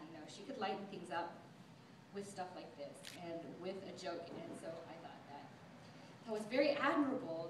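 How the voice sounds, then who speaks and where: A young woman gives a maid of honor toast in a casual, chatty way, full of little laughs and fillers. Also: medium pitch. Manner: chatty, giggly, filler-heavy. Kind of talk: wedding toast. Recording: echoey, distant mic, background noise.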